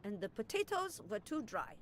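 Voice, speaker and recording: A woman's voice: fairly high pitch, very animated, moderate pace, a crowd in the background. An actress playing a proud female cook, formal and clipped in a game. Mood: prickly. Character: proud female cook, prickly about her food.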